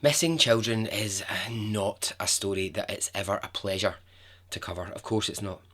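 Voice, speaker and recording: A man hosting a podcast, telling a true story in a chatty, expressive way with frequent asides to the listener. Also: fairly low pitch, moderate pace. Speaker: podcast host.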